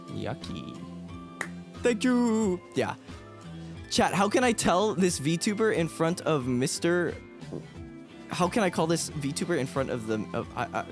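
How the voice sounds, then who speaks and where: A man's voice: mid-range voice, gravelly. A man streaming casually, rambling and joking about himself with lots of restarts. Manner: rambling, self-deprecating, many restarts. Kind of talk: casual livestream chat. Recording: background music under voice.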